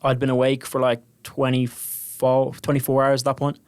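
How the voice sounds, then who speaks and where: Irish guest, twenties, posh South Dublin lilt, mid-pitched, chatty and full of restarts. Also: male voice, monotone, normal speed, dry recording. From Ireland. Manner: rambling storyteller with many restarts. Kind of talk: casual chat.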